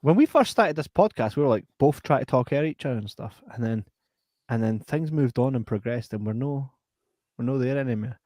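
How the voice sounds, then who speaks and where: A man's voice: mid-range voice, animated, brisk, a little mellow, no echo, studio quality. A man hosting a casual podcast, joking, swearing freely and reading out listener messages. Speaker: podcast host. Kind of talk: casual chat.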